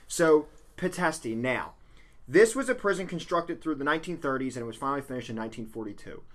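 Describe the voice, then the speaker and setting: A man co-hosting a casual podcast, telling a dark history story, swearing freely and laughing with his friends. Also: mid-range voice, expressive, fast. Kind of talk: casual profane podcast banter.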